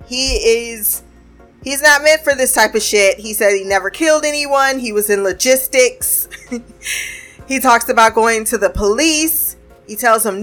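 A woman with a fairly high voice recaps a TV episode in a loose, conversational way. She laughs a lot, swears freely and drops into quick asides. Faint music plays under her voice. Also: a bit bright. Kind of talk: casual spoken recap.

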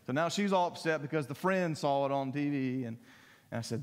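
A middle-aged man preaching a sermon, telling stories conversationally and lifting his pitch when he voices other people. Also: animated, fairly quick. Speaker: pastor. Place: church sanctuary. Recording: long hall reverb.

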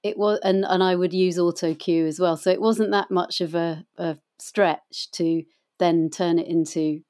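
A woman's voice: fairly low pitch, steady tone, unhurried, a little mellow. Chatty middle-aged woman actor. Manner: chatty, anecdotal, with many fillers. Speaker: guest, voice actor and audiobook reader. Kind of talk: casual interview chat.

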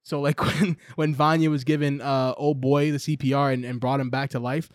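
A young man in casual podcast chat, excited and profane, rambling with lots of "like"s. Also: mid-range voice, moderate pace, no echo, clean studio sound. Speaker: podcast co-host. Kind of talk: casual chat reviewing a show.

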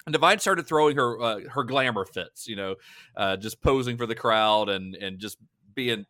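A man at mid pitch tells film trivia on a casual podcast. He speaks in a chatty, laughing way with many fillers. The mic is close and dry. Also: normal speed, bright, forceful tone, no echo. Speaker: podcast co-host.

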